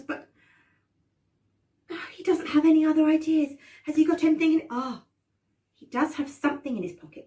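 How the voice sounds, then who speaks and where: A woman drama teacher telling a children's story with animated expression and dramatic gasps, prompting her class to join in. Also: high voice, recorded from a distance.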